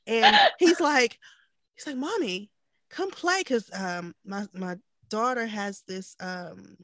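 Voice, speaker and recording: A woman's voice: medium pitch, expressive, slow pace, fairly bright tone, no room sound. A woman in her thirties co-hosting a podcast, chatting casually, laughing often and acting out quotes. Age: 30s. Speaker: podcast co-host. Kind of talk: casual chat.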